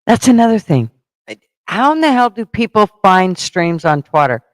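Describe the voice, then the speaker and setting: Male livestream host, rambling and profane, smooth tone in a dead-dry space. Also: sits high, sing-song, moderate pace, no room sound, low-quality recording. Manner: rambling, thinks aloud while fumbling with stream setup; blunt and profane, mock-scolding chat. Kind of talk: casual livestream chat.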